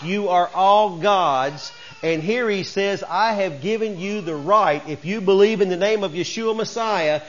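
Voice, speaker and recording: A man's voice: sits high, fairly bright tone, lo-fi sound. A man preaching a sermon as pastor, folksy and conversational, rising to emphatic bursts.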